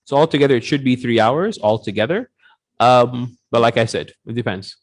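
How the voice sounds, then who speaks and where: Man, relaxed joking IELTS teacher. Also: mid-range voice, normal speed. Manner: relaxed, jokey, mixes in Arabic phrases; lots of fillers and restarts, playful put-on voices. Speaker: IELTS teacher, interview guest. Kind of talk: casual interview on a live stream.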